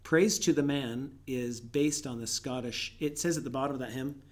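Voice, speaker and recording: A man in casual conversation, enthusiastic and quick to laugh, telling lively stories. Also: medium pitch. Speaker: guest.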